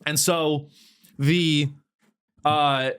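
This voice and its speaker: A man's voice: on the high side, flat delivery, drawn-out words, a bit bright, clean tone. A man hosting a comedy podcast, rambling and profane, often breaking into mocking impressions. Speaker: podcast host. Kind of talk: casual comedic podcast chat.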